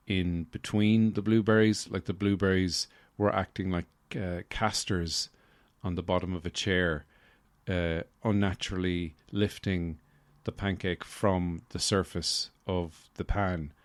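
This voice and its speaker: A man hosting a casual solo podcast, rambling with deadpan humor and lots of fillers into a close mic. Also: deep voice, no echo. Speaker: podcast host.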